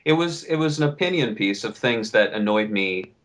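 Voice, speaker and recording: A young man co-hosting a casual podcast, venting and riffing in an animated way, swearing freely. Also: lowish voice, normal speed. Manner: animated, swearing, riffs and vents. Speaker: podcast co-host.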